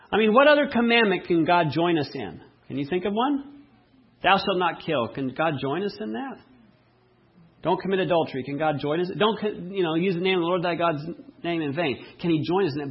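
A man preaching a sermon, asking the congregation questions and telling lively everyday stories. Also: sits high, slightly rough, dull audio. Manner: asks the audience rhetorical questions, animated storytelling. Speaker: pastor.

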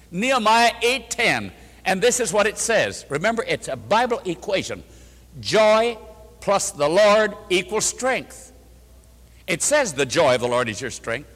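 An older man, a pastor with a slightly high, somewhat bright voice, preaches a sermon before an audience in a church or meeting hall. He tells a story emphatically, repeating phrases for rhythm and acting out quoted speech, and the hall gives the recording a long reverb.

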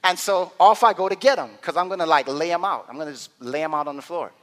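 A man preaching a sermon with dramatic swings from quiet murmurs to loud climaxes. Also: on the high side, quick pace. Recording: long hall reverb.

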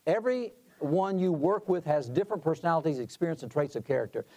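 In a fairly high, mellow voice with lively intonation, a middle-aged conference president talks quickly about leadership. His delivery is conversational, a story broken up by asides and restarts.

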